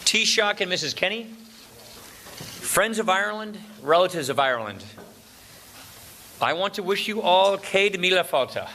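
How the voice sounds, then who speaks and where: Middle-aged guy doing a luncheon speech, kinda high voice, cracks jokes and waits for laughs. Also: sharp tone, a little hiss or hum. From Wisconsin, USA. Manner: jokey, pauses for laughs after punchlines. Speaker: speaker at a formal luncheon. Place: large banquet room. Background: audience laughter and room ambience.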